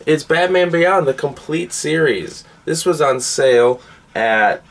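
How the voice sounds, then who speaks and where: A man's voice: fairly high pitch, lively intonation, unhurried, creaky, far from the mic. A man co-hosting a casual chat show, telling jokey stories about movies he bought. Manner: chatty, jokey storyteller. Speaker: co-host.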